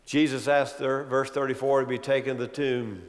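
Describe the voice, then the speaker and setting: A man preaching a sermon as pastor, swinging from loud, emphatic build-ups to quiet, low asides. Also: level tone, moderate pace, in a large hall.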